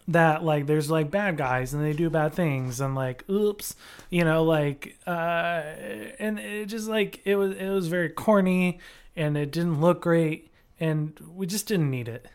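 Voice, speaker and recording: Speaking a little slowly, this man co-hosts a podcast in a clean-toned voice on the high side. The chat is casual and rambling, peppered with fillers, false starts and curse words.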